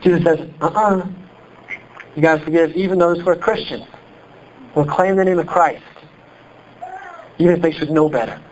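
A pastor from Iowa with a Midwestern accent, preaching a sermon in an animated, conversational way full of rhetorical questions. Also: male voice, a little high, fairly quick, pauses often, highs cut off, slight background noise. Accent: Midwestern American.

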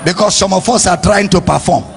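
A male pastor preaching a sermon, leading the congregation in loud call-and-response. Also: sits high, a little fast, vocal fry. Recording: noisy live crowd.

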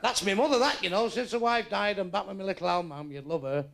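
Older gravelly comic. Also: male voice, high voice, fast, background noise. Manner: crude, brash, swearing punchlines. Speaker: stand-up comedian. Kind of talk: stand-up comedy routine. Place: comedy club stage before a live audience.

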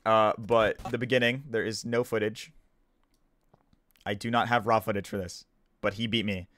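A man's voice: fairly low pitch, little pitch movement, normal speed, fairly bright tone. A man, just woken up, explaining himself in a casual video commentary, defensive and stumbling, repeating and restarting his sentences. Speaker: gaming YouTuber.

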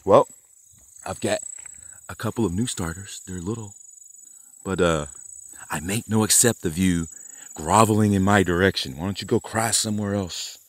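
A man's voice: low-pitched, normal speed, pauses often, dry recording. A man vlogging outdoors by a garden plot, rambling, swearing and laughing as he taunts someone. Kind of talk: rambling outdoor vlog rant.

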